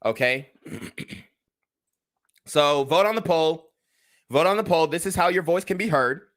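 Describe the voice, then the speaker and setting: A man's voice: on the high side, animated, measured pace, fairly bright tone. A man hosting his own commentary channel, reacting to a clip and lecturing his viewers in a blunt, profane way. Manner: blunt, profane, lectures the viewers and asks them to vote in a poll.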